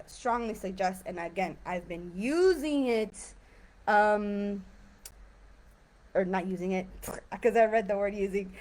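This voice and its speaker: A woman's voice: on the high side, darkish tone. A woman teaching an English vocabulary lesson on a livestream, chatty and encouraging with plenty of fillers. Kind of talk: live-streamed language lesson.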